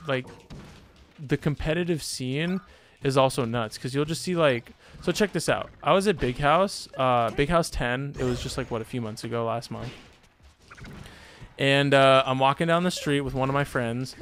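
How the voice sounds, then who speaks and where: A man's voice: medium pitch, a bit bright, slight background noise. Casual rambling young man streamer. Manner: loose and rambling, heavy on fillers. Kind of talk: casual storytelling chat.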